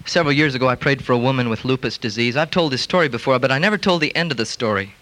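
A middle-aged man preaching a sermon as pastor, animated, acting out the voices of other people as he tells stories. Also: mid-range voice, racing.

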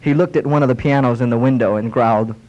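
A male preacher delivering a sermon, reading scripture with emphasis and slowing down on key words. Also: medium pitch, a little mellow, lo-fi sound.

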